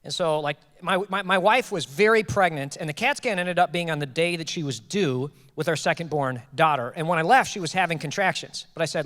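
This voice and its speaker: A man in his thirties preaching a sermon as pastor, telling a personal story with jokes and lively quoted dialogue. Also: on the high side, fairly quick, few pauses. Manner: animated, joking, quotes people in raised voices. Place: church auditorium. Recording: long hall reverb.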